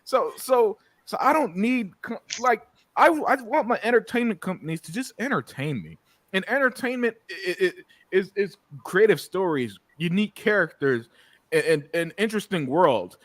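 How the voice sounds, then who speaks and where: A man's voice: high voice, animated, normal speed, no echo. A man in his thirties hosting a casual podcast chat, stammering and repeating words as he talks, swearing freely. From United States. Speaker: podcast host.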